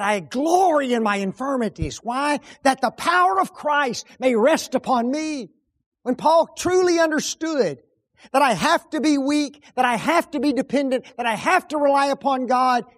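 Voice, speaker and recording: High-pitched slow preacher, dramatic swings. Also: male voice. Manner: dramatic swings between loud emphatic peaks and hushed low asides; asks the congregation rhetorical questions. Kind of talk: sermon.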